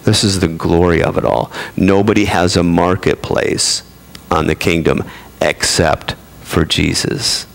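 A man's voice: deep voice, measured pace, gravelly. A man preaching a sermon in a conversational way, with playful asides to his congregation. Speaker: pastor.

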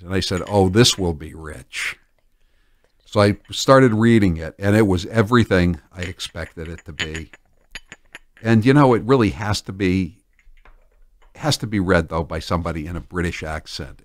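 A man's voice: sits low, dry recording. A man hosting a talk radio show in a studio, delivering a sarcastic, mocking monologue into a studio microphone.

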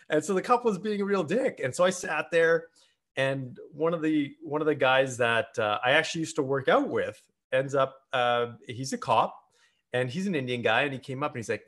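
A man hosting a casual conversation, telling stories in a lively, blunt way and acting out the dialogue as he goes. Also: mid-range voice, a little fast. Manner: lively anecdotal storyteller, blunt, acts out dialogue. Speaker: host.

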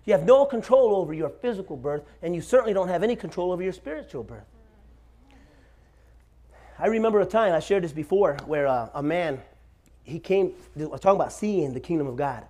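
A man in his forties preaches in a church with a high, lively voice that climbs and drops all over the place. He tells stories with humor and checks in with the room, asking "Amen?" as he goes. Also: brisk. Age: 40s. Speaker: pastor. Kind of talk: sermon. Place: church sanctuary.

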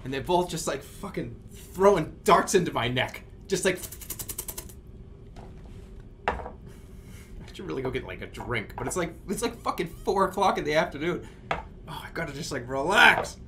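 A man's voice: a little high, big pitch swings, normal speed, pauses often, fairly bright tone, slight background noise. A man hosting a live stream, rambling in a flustered, agitated way with frequent cursing.

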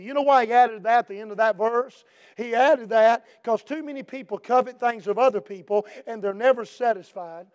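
A middle-aged man preaching a sermon as pastor, building to shouted emphatic refrains and dropping back to quieter teaching. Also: extremely high pitch, moderate pace, clear, resonant tone.

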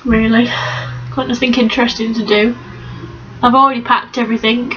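A woman's voice: on the high side, flat delivery, a little fast, a bit bright. A young woman, rambling casually in a home vlog and talking to her dog. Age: young adult. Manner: rambling, chatty, baby-talks to her dog. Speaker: vlogger. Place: at home, indoors. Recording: lo-fi, distant camera mic with faint room noise.

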